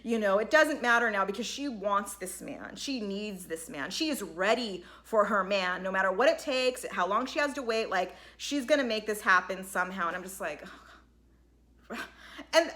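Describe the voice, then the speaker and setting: A woman's voice: medium pitch, lively intonation, normal speed, sharp tone. A woman giving a chatty, casual recap of a reality show, peppered with "like" and "you know". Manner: chatty, lots of "like" and "you know", acts out quotes. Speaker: recap vlogger.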